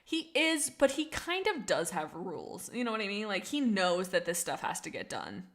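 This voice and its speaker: A young woman's casual stream has her reading viewer comments aloud in a bubbly, giggly, rambling way, full of laughs and restarts. She speaks at normal speed in a medium-pitched, sing-song voice.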